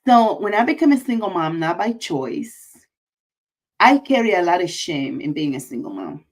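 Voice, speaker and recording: A woman's voice: fairly low pitch, very animated, moderate pace, poor audio. A woman hosting a casual livestream, effusive and emotional, repeating her greetings. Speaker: livestream host.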